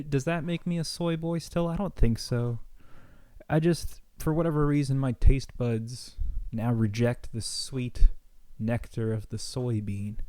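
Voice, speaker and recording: A young man telling a comic story in a deadpan, mock-serious rambling way, like a vlogger's monologue. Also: medium pitch, no room sound. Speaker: comedy vlogger.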